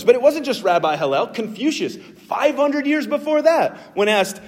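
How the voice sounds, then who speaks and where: A man preaching a sermon as a pastor, earnest and animated, with emphatic jumps in his voice. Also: very high-pitched, normal speed, few pauses. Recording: long hall reverb.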